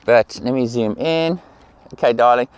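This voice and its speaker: A man's voice: mid-range voice, normal speed, clean tone, no room sound. A middle-aged man working as a portrait photographer outdoors in a field, directing a model and praising every pose with the same encouraging words again and again. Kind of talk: directing a model during a shoot.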